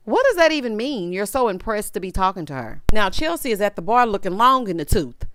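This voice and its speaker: Sassy, animated woman recapping a show. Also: mid-range voice, fairly quick, dry recording, studio quality. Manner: animated, sassy, acts out quotes. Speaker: reality show recap host.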